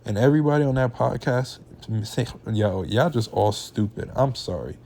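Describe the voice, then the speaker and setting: A young man gives a heated reaction rant, dropping slang as he goes. His voice sits in a mellow, warm register at an ordinary pitch for a man. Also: animated, normal speed. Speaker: reaction channel host. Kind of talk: casual reaction commentary.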